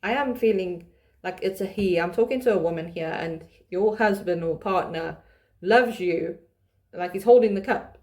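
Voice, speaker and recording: A woman's voice: fairly low pitch, moderate pace, darkish tone. A woman hosting a tarot reading channel, talking casually to camera, with frequent restarts and laughter as she reads the cards. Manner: chatty, restarts often, laughs while reading. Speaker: tarot reader.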